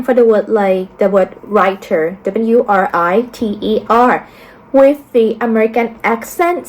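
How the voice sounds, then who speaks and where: A woman teacher narrating a lesson, explaining carefully and slowly, with frequent ums and uhs. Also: on the high side, poor audio.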